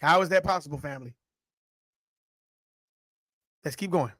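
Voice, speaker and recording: A man's voice: fairly high pitch, racing, sharp tone, dry recording, clean studio sound. A man co-hosting a discussion, emphatic and teacherly, pressing his points and urging the listeners on. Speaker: co-host. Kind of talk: preaching-style discussion.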